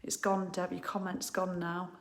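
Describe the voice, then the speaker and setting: A woman's voice: on the low side, completely flat delivery, normal speed. A middle-aged woman, chatting cheerfully and bluntly to viewers while hosting a live stream from her living room at home. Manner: chatty, cheerful and blunt, with mild swearing and laughs. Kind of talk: casual live chat.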